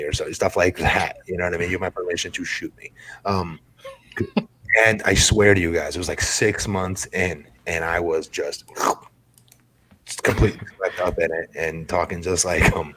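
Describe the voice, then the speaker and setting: A man with a very low, breathy-edged voice chats as a podcast guest. He tells his stories in a laid-back way, stretching out his phrases. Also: steady tone, normal speed, fairly bright tone. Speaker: podcast guest, former wrestler. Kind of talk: casual podcast chat.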